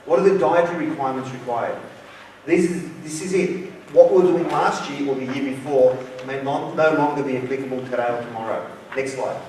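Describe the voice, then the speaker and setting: A brisk, mid-range Australian male voice with a darkish tone tells a story and plays out its dialogue as a guest lecturer at a university. The lecture hall echoes strongly, he's far from the mic, and a little hiss or hum is audible.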